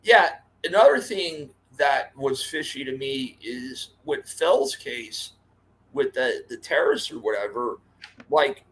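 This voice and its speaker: A man's voice: medium pitch, lively intonation, slow pace, a bit bright. A man co-hosting a casual talk show, mostly reacting briefly to the main host. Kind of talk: casual chat.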